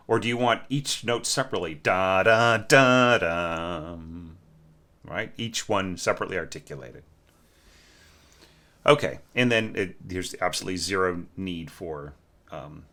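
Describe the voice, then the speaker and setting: A man's voice: sits low, fairly bright tone. A man giving a casual, candid critique of an orchestration at home, humming musical passages and talking with many fillers. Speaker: orchestration teacher. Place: home room with a snoring cat.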